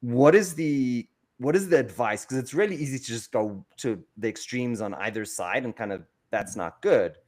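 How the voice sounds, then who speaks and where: A man's voice: mid-range voice, normal speed, hardly any pauses, darkish tone. A man hosting a conversation, asking reflective, searching questions about parenting. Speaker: host. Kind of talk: podcast interview.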